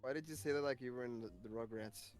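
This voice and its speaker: A man's voice: medium pitch, fast talker, over music. A man co-playing a video game on a stream in casual chat, teasing his partner and reading the detective's lines aloud. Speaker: guest co-player.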